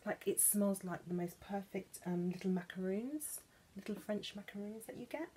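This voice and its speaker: A woman from England chatting playfully about perfumes, gushing and now and then dropping into soft whispers. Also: mid-range voice, normal speed, noisy background. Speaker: perfume vlogger. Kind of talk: chatty vlog.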